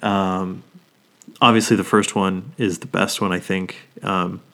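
A man in his thirties with a low voice talks casually as a podcast co-host. He drops swear words all the time and gets openly emotional over favorite movies. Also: flat delivery, a little slow, bright, forceful tone. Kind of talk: casual chat.

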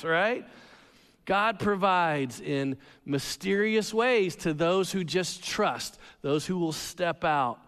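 A man preaching a sermon, telling a Bible story with animated pacing, jokes and dramatic pauses. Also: sits high, long reverb tail. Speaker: pastor.

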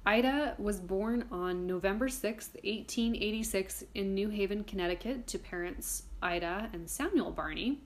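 A woman's voice: mid-range voice, normal speed, few pauses. A woman hosting a casual history podcast, chatty and irreverent, swearing casually while reading from her notes. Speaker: podcast host.

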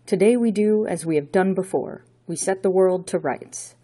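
A woman's voice: mid-range voice, moderate pace, mellow, husky, close to an everyday voice. A woman voicing a gaunt, sinister bearded male villain count, speaking in a grandiose, pompous, arrogant manner.

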